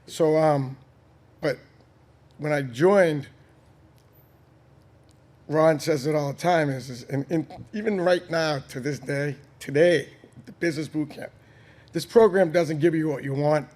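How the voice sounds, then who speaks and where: A man's voice: on the high side, measured pace, pauses often, darkish tone. A man with a Boston accent, a guest on a podcast, talking earnestly and bluntly with casual swearing. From Boston, Massachusetts. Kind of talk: candid conversational interview.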